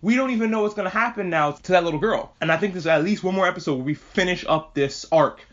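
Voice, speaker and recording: A man giving a casual spoken anime review, excitable and profane, gushing over what he watched. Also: high-pitched, quick pace. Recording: dull lo-fi recording.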